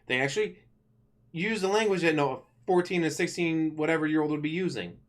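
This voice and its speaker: A man vlogging in a casual, complaining rant, animated and swearing freely. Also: a little high, brisk. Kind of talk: casual ranting commentary.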